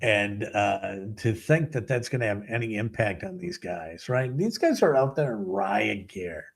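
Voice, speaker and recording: A man with a low, gravelly voice and a husky edge rants as a talk show host. He rambles sarcastically and sounds exasperated. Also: lively intonation, a little slow. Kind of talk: ranting commentary.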